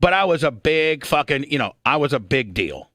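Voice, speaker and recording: A man in his fifties hosting a radio talk show, telling a rambling, profane story and clearing his throat often. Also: on the high side, very animated, normal speed, bright, forceful tone, no room sound, studio quality.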